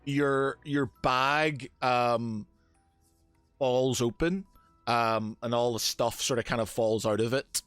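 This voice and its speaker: A man's voice: medium pitch, steady tone, fairly bright tone, clean tone, dry recording, faint music behind. A man narrating as game master, hesitant with many fillers and restarts. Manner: halting, lots of fillers and restarts.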